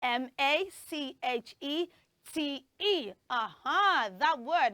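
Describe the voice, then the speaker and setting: A woman's voice: sits high, lively intonation, slow, bright, forceful tone, no echo. A woman with a Nigerian accent hosting a children's TV show in a studio, teaching pronunciation in an upbeat, coaxing way and drilling words for children to repeat. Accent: Nigerian English. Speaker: children's TV host.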